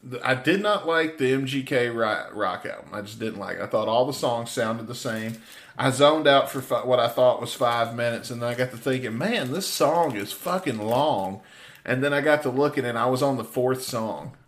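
A man's voice: mid-range voice, a little fast, fairly bright tone. A man co-hosting a podcast, chatting casually and teasing his partner with chuckling banter. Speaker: podcast co-host. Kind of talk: casual chat.

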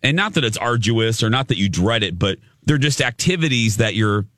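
A male radio host chatting on air, telling a story in an animated, rambling way with lots of restarts. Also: fairly low pitch, fairly quick, no room sound, studio quality. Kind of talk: casual on-air chat.

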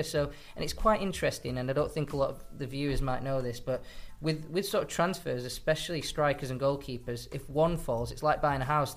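A man appearing as a football correspondent on a podcast in a studio, explaining points while thinking aloud. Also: medium pitch. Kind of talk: casual podcast discussion.

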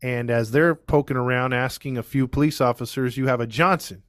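A man's voice: medium pitch, steady tone, fairly quick, no room sound, studio quality. A man hosting a podcast, casually telling a true-crime story to his co-hosts, rambling with many fillers. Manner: rambling, filler-heavy, restarts often.

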